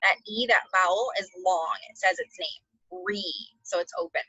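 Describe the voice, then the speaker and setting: A woman teacher giving a phonics lesson to second graders, slowly sounding out words and spelling letters aloud. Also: mid-range voice, bright, forceful tone, breathy edge, no room sound, lo-fi sound.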